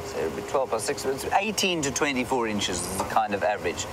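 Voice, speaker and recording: A man's voice: fairly low pitch, big pitch swings, fairly quick. Male safari guide hosting a live drive, chatty and playful with viewers, outdoor vehicle noise behind him. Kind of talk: live commentary to online viewers. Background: vehicle and outdoor ambience.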